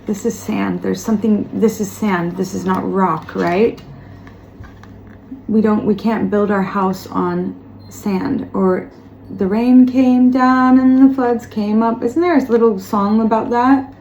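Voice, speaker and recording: A woman giving a tarot reading straight to the viewer, talking gently and reassuringly and repeating words for emphasis. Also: mid-range voice, fairly even intonation, takes it slowly, vocal fry. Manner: speaks of spiritual guidance. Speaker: tarot reader. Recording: roomy echo, faint background noise.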